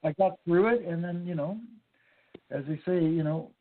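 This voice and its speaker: Gravelly man on a phone line. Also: a little high, moderate pace. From Canada. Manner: rambling storyteller, many fillers and restarts. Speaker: former wrestling referee, interview guest. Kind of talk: casual phone interview.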